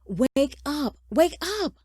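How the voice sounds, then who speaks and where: A woman's voice: high voice, very animated, unhurried, dark tone, no room sound, studio quality, voice pushed up. A woman voicing an anxious young son who pleads urgently with his father. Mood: pleading.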